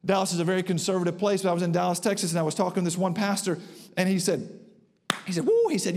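A man preaching a sermon to a congregation, emphatic, slowing down and rising in pitch to drive home his points. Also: a little mellow. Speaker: pastor. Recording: long reverb of a church hall.

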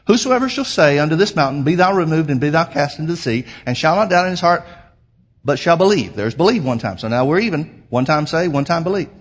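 A man preaching a sermon as pastor, emphatic, slowing down to quote scripture. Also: a little high, animated, slightly rough.

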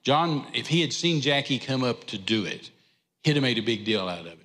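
A man's voice: medium pitch, lively intonation, fairly quick, a bit bright, in a large hall. A man preaching a sermon, telling a rambling folksy story with self-deprecating humor. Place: church sanctuary.

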